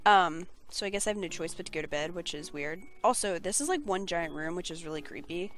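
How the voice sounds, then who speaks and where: A woman's voice: lowish voice, fairly quick, a bit bright. A young woman giving casual, sarcastic and blunt let's play commentary.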